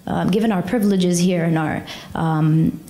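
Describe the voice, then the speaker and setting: A young woman speaking to a community audience as a charity chairperson, earnest and conversational, with many fillers and lively retold dialogue. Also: fairly low pitch, moderate pace. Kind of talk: personal storytelling talk to a community audience.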